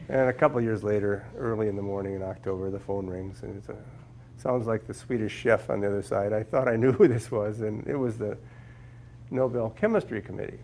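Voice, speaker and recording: Male guest scientist from Minnesota, raspy low voice, wry storytelling with restarts. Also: brisk, darkish tone, a little hiss or hum. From Minnesota, USA. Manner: humorous storyteller, repeats words while finding them. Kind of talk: anecdotal talk to a class. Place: lecture room with a live audience.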